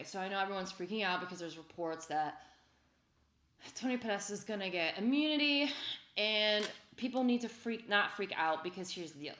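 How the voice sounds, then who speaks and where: A woman talking straight to her viewers in an upset, heated rant, swinging between loud outbursts and quiet muttering. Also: mid-range voice, echoey room. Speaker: vlogger. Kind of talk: agitated opinion rant to viewers.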